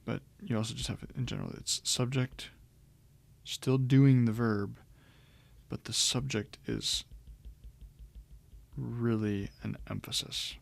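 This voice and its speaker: A man's voice: medium pitch, fairly even intonation, slow, vocal fry, dry recording. A man teaching Greek grammar in a recorded lecture, explaining step by step with frequent ums and restarts.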